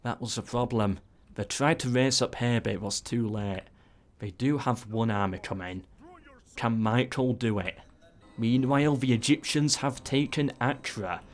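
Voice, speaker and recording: A man giving casual play-by-play commentary on a strategy game, breaking into excited asides. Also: mid-range voice, unhurried. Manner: excitable, frequent "ooh"s and asides.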